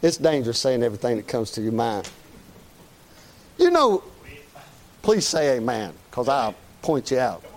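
A man's voice: mid-range voice, sing-song, normal speed, pauses often, low-quality recording. A man preaching a sermon to a congregation in a church, emphatic and folksy, firing off rhetorical questions and calling for amen.

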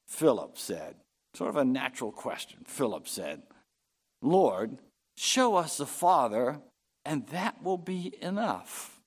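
A man preaching a sermon, reading scripture aloud and rising in pitch and force on key phrases. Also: very animated, breathy edge. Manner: unhurried preaching, swelling louder and higher on key phrases. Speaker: pastor.

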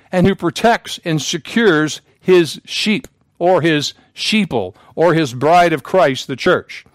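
A man's voice: high voice, no room sound. A male pastor preaching a sermon to his congregation, with solemn emphasis and repetition. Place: church sanctuary.

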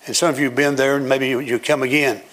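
A man's voice: medium pitch, fairly even intonation, quick pace. An older man preaching a sermon in a church, building to emphatic, declaiming runs. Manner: emphatic, rising to loud preaching cadence. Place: church sanctuary with platform.

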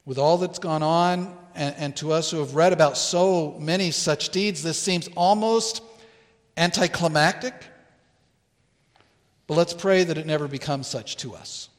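A man preaching a sermon as pastor in a church, earnest and deliberate, pausing to stress key words. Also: a little high, long reverb tail. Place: church sanctuary.

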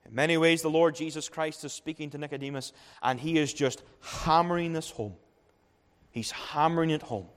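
A man's voice: a little high, moderate pace, long reverb tail. A man preaching a sermon as pastor at a young adults' conference, emphatic, repeating key phrases and building up to each point. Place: church.

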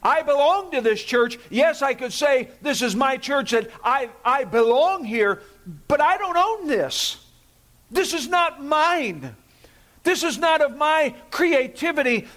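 A man's voice: very high voice, a bit bright. A man preaching a sermon as pastor, emphatic, repeating key phrases and asking the congregation to say words with him.

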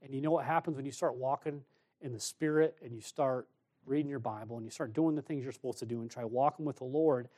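A man preaching a sermon in a folksy, storytelling way, acting out lively bits of dialogue. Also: mid-range voice, quick pace.

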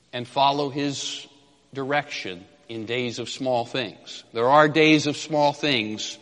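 A man preaching an expository sermon, emphatic and repeating key phrases, dropping low at the ends of phrases and reading scripture slowly. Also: pushed and bright. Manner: reads scripture slowly and deliberately. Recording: long hall reverb.

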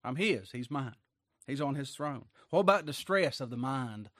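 A man preaching a sermon. He reads scripture aloud, rises to emphatic peaks, then drops low for quiet asides. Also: lively intonation, moderate pace, dry recording, studio quality.

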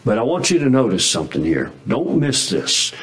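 A man's voice: medium pitch, wildly swooping pitch, moderate pace, poor audio. A man preaching a sermon in a folksy, emphatic way, with frequent restarts and chuckles. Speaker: pastor.

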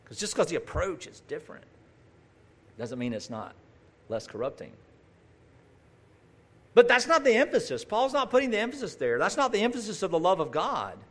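A man delivers a sermon in a casual, direct way, full of asides and questions to the listeners. His voice sits a little high and swings widely up and down as he talks. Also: huge pitch swings, moderate pace, long pauses, a bit bright. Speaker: preacher. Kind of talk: conversational sermon.

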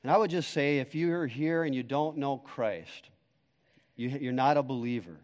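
A man preaching a sermon as pastor, emphatic, swinging between loud declarations and hushed, quiet stretches. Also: mid-range voice, normal speed, long reverb tail.

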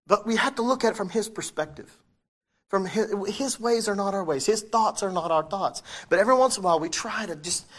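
Man preaching a casual, questioning sermon. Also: high voice. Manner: conversational preaching, asks the congregation questions; reads scripture aloud, self-correcting. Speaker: pastor.

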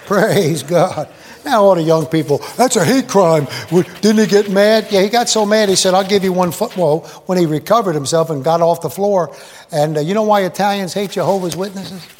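High-voiced preacher man in an echoey hall. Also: moderate pace, a little mellow. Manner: folksy, digressive, quizzes the audience. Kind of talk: rambling sermon with jokes and asides. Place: large hall with live congregation.

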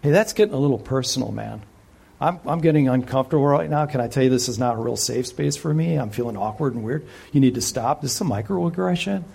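A man preaching mimics an uneasy, defensive modern man who complains in a rushed, whiny way, in a slightly husky voice. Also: medium pitch, mellow. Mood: squirming.

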